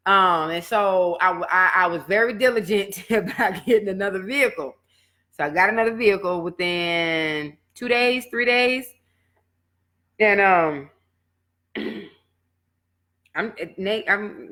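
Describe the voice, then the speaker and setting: A woman fitness coach, telling a personal setback story in casual talk and acting out what she said back then. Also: fairly low pitch. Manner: animated storytelling, acts out her own past words.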